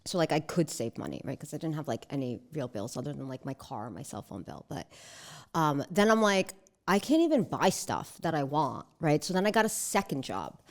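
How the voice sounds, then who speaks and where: A woman in her thirties with a slightly low voice tells her own story on a casual podcast. She is animated and chatty, with a steady stream of "like" and "right?". She slips into the voices of others as she retells conversations. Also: brisk. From New Jersey. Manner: animated, acts out quoted dialogue with lots of "like" and "right?". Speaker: guest, real estate agent.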